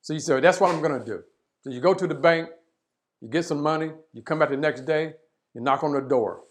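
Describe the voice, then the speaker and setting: A man's voice: fairly high pitch, a little fast. A man giving a leadership webinar talk, telling a parable and often checking in with "right?". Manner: storytelling, acts out voices, frequent "right?". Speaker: leadership speaker.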